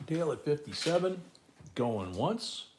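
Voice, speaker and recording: A man's voice: fairly high pitch, big pitch swings, a little slow, a little hiss or hum. A man hosting a casual live coin auction, calling out bids and chatting with viewers from home. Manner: chatty, repeats bids and co-host's remarks.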